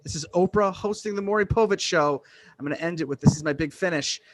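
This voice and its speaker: A man from Western Massachusetts doing a deadpan, self-deprecating stand-up set over a video call. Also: on the high side, fast. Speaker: stand-up comedian.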